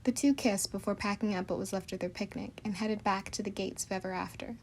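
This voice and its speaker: A woman narrating a storybook chapter in a soft, even manner. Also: mid-range voice, brisk, a little hiss or hum.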